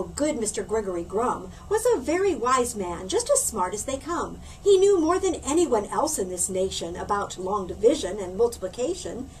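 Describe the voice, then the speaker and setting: A woman reads a picture book aloud to children in a high, lively voice. Her storytelling swoops up and down as she acts out the scenes. She sounds a little distant from the mic, with faint noise behind her. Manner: lively, expressive storybook reading with put-on voices. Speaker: library story reader.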